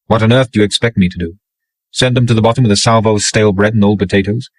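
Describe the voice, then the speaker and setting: Man doing a naval petty officer, wry, mild, steady, low voice. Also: fast, no echo, close to an everyday voice, rough recording.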